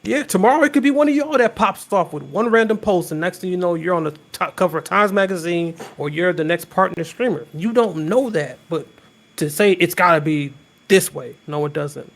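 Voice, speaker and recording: A man guest-hosting a podcast in casual chat, talking in an emphatic, animated way. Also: sits high, fairly quick.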